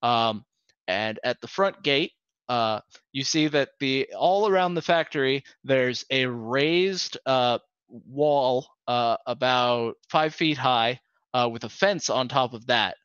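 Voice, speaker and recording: A man's voice: mid-range voice, slow pace, a bit bright, smooth, no room sound, dull audio. A man narrating a tabletop game as game master, hesitant, with many fillers.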